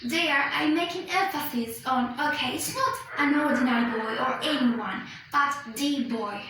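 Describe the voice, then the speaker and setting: A woman who speaks Spanish as her first language explains English pronunciation slowly and deliberately, often checking with "okay?" and correcting herself. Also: high voice, background noise. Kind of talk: recorded lesson explanation. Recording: echoey room from far off.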